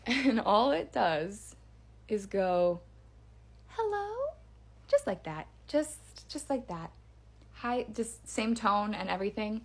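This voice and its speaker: A woman telling her own spooky story in a casual, chatty way, with fillers and hushed drops for suspense. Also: mid-range voice, slow. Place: parents' backyard by a campfire.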